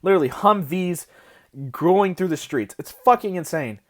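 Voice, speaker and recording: Young woman ranting, swinging pitch. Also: lively intonation, moderate pace. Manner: profane, agitated, rambling. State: worked up, hysterical. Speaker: vlogger. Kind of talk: heated casual rant. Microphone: phone.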